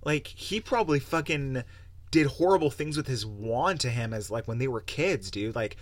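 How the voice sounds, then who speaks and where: Young guy podcasting solo, cursing a lot, rambly and animated, dead dry mic. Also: medium pitch, moderate pace, dry recording. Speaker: podcast host. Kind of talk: casual solo podcast rant.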